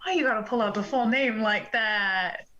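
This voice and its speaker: A woman playing a tabletop game, answering with sassy, quick retorts in casual chat. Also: fairly high pitch, highs cut off, a crowd in the background. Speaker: player.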